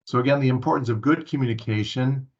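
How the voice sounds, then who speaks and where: A man's voice: medium pitch, fast talker. A man giving a staff training presentation at a town hall meeting, earnest and full of filler sounds and restarts. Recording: muffled lo-fi recording.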